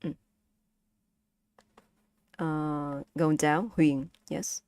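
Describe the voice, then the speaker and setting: Casual streamer, woman, patient lesson delivery, unhurried, dead dry close sound. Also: low voice, steady tone, darkish tone, smooth, dry recording. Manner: slow, patient, breaks into sung syllables and laughs. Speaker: streamer teaching Vietnamese.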